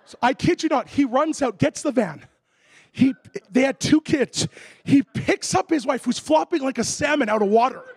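A man preaching a sermon as a lively story, acting out voices and making comic sound effects. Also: very high voice, moderate pace, slightly rough, dry recording. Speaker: pastor.

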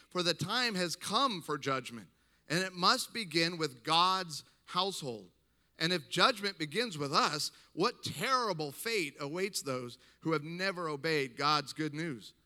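A middle-aged man delivers a sermon with a strikingly bright, forceful tone and a slightly high-set voice. He moves between reading scripture aloud and talking to the congregation in emphatic, conversational asides. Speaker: pastor.

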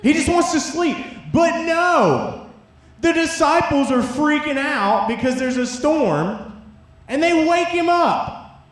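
A man's voice: very high-pitched, takes it slowly. A young man preaching a casual youth sermon, telling a story with jokes and lots of "like". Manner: animated storytelling, jokey asides, lots of "like". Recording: very echoey room.

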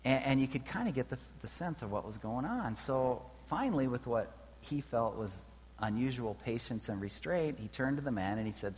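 A man's voice: mid-range voice, expressive, moderate pace, a little mellow. A man preaching a sermon in a conversational way, often checking in with his listeners. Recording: reverberant hall with faint hum.

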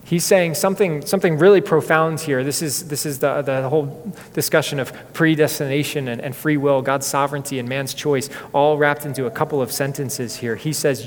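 A man's voice: a little high, fairly even intonation, moderate pace, a little hiss or hum. A male pastor preaching a sermon with earnest, dramatic storytelling in a church sanctuary. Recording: echoey hall reverb.

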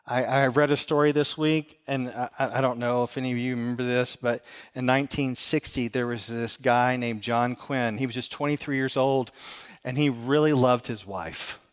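A middle-aged man preaching a sermon, earnest and storytelling, circling back on his phrases. His voice sits at an ordinary pitch and carries a long reverb from a large hall. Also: steady tone, moderate pace, clear, resonant tone. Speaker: pastor.

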